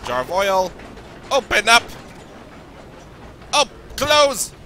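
Jumpy canadian guy playing a horror game, high piercing voice, bit hoarse, faint hiss behind. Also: sing-song, very slow, pushed and bright. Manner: nervous, jittery, talks to himself. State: losing his voice. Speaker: let's play gamer.

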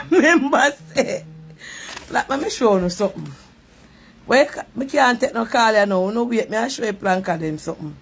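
A woman with a Jamaican accent telling a lively story in patois on her live stream. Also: on the high side, moderate pace, slight background noise. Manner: animated, repetitive patois storytelling.

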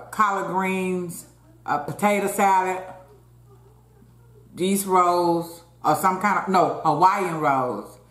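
A low-sitting, fairly bright female voice belongs to a mukbang host who talks between bites. She's chatty, keeps speaking directly to her audience, and the recording carries a roomy echo.

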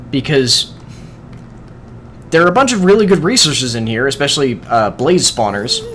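A man giving casual let's-play commentary as he plays, excitable, swearing often and talking to the game's creatures. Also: fairly high pitch, a little hiss or hum. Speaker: gaming video host.

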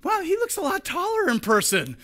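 A male pastor giving a sermon, acting out the story and swinging between loud and soft. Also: extremely high pitch, fairly quick. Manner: animated, acts out the scenes with shifting volume.

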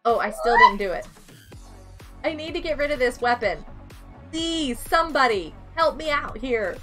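A woman's voice sits high and bright as she live streams a game, giggling and reacting excitedly while she chats with viewers. Her pitch jumps around a lot. Faint game music plays behind her. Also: moderate pace. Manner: excitable, giggly, talks to chat. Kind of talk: casual gaming live stream chat.

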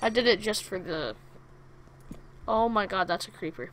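A woman giving chatty, excitable let's play commentary from a home setup, talking to the game's monsters as she plays. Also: medium pitch, moderate pace, pauses often, a little hiss or hum. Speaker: gaming video creator.

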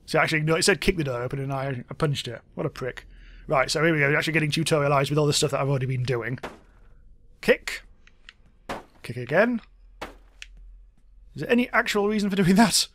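A man's voice: on the high side, fairly quick, long pauses, a bit bright, slight background noise. A young man chatting wryly through a let's play, exclaiming at what happens on screen. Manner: chatty, wry, exclaims at game events. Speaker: gaming YouTuber.

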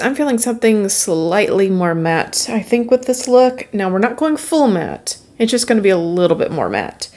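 With a medium-pitched, darkish voice, a woman narrates a step-by-step makeup look. She's chatty, upbeat and casual, sounding like a beauty vlogger talking straight to her regular audience.

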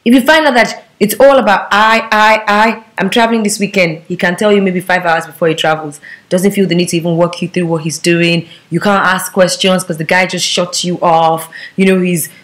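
A woman's voice: on the low side, fairly even intonation, moderate pace, fairly bright tone. Brief: young woman vlogger, sassy and preachy, firing off rhetorical questions to camera. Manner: bobs her head while talking. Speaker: vlogger giving relationship advice. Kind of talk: direct-to-camera advice monologue.

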